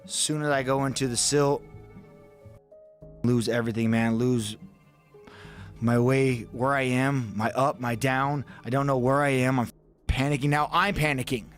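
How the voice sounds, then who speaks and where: A man's voice: mid-range voice, fairly even intonation, moderate pace, pauses often, faint music behind. A man telling a story as a podcast guest, casually and vividly, acting out his own thoughts and swearing freely.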